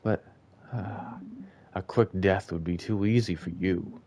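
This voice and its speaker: A man voicing a cruel, threatening villain king in a video game, speaking slowly and in a hushed tone. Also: low voice, steady tone. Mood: menacing.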